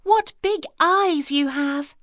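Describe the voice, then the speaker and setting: Woman doing a high eager little girl. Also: slow, dry recording, studio quality. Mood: puzzled. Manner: high, bright, childlike. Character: little girl in a red cloak, eager and trusting.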